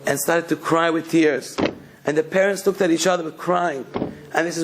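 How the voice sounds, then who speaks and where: Male rabbi, sermon storyteller, slightly high pitch. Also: fairly even intonation, moderate pace, background noise. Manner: telling a story, then exhorting the listeners.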